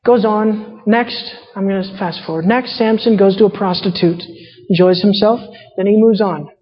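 A woman's voice: mid-range voice, normal speed, breathy edge, faint music behind. A woman preaching a sermon, reading scripture and retelling characters in casual paraphrase. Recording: muffled sound in a reverberant hall.

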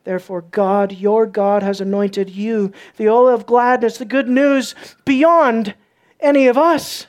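A woman preaching a sermon, swinging from soft, low passages to loud, emphatic peaks. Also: a little slow.

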